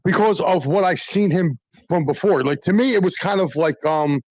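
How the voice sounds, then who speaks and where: A man tells teasing, animated stories about local sports. His voice sits a little high and is recorded dry and close. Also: moderate pace, no echo, poor audio. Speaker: podcast co-host. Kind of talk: casual sports chat, storytelling.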